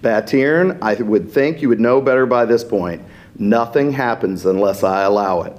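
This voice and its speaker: A man's voice: lowish voice, normal speed, lightly acted. A man reading as a cocky mage warrior. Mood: defiant. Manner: defiant, cutting. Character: cocky battle-hardened male mage.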